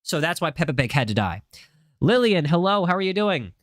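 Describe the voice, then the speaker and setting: A man's voice: on the high side, very animated, brisk, fairly bright tone, no room sound. A young man live-streaming a game, chatting casually and reading viewer comments aloud with a jokey, rambling manner. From United States. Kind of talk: casual live-stream chat while gaming.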